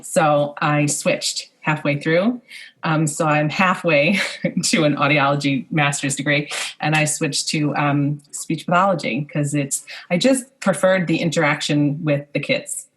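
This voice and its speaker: A woman speech pathologist as a podcast guest, answering casually and thoughtfully with frequent "um" pauses. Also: low voice, steady tone, a bit bright. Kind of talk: casual interview chat.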